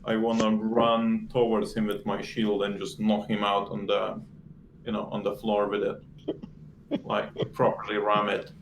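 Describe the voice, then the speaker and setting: A man playing a tabletop game, describing his move in a measured, slightly unsure way. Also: lowish voice, monotone, reverberant, muffled recording, a little hiss or hum. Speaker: player. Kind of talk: casual game banter.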